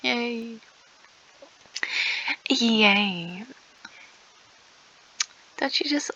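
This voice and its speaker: A woman's voice: medium pitch, takes it slowly, long pauses, pushed and bright, muffled recording, a little hiss or hum. A young woman commentating her game play casually, rambling and sarcastic, often trailing off into near-whispers. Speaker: gaming YouTuber.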